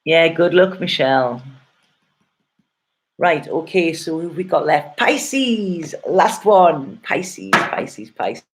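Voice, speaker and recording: A woman's voice: low voice, lively intonation, slow pace, a little hiss or hum. A middle-aged woman gives a casual, rambling and heartfelt tarot reading, often checking in with "okay?". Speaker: tarot reader.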